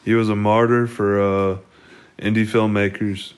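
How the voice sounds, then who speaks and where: A man's voice: fairly low pitch, little pitch movement, a little slow, clean tone. Rowdy, profane young male podcast host. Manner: loose, profane, rowdy, prone to shouting bursts. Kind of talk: casual crude podcast banter.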